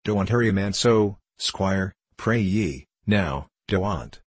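A man's voice: low voice, animated, slow, husky, no room sound, exaggerated voice. A man voicing an old drunken village poacher who whines in rustic country dialect. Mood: whining.

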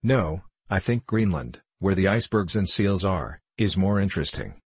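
Brief: a studious, serious little boy, read by a man, low and dry. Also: lively intonation, moderate pace, slightly rough, no echo. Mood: earnest. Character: bookish earnest young boy.

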